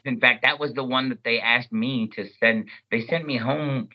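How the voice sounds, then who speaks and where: Animated male voice actor telling stories. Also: mid-range voice, moderate pace, lo-fi sound. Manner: animated, storytelling, jumps into character voices. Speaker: voice actor guest. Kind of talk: casual interview chat.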